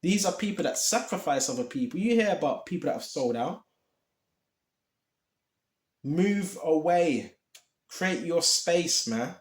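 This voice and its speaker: High-voiced man preaching in an echoey room. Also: expressive, measured pace, pauses often. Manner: impassioned, repetitive, streetwise slang. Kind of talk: informal preaching.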